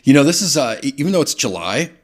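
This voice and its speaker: Male co-host, average pitch, loose and giggly, asks lots of questions. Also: sing-song, quick pace. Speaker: podcast co-host. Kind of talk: casual podcast chat.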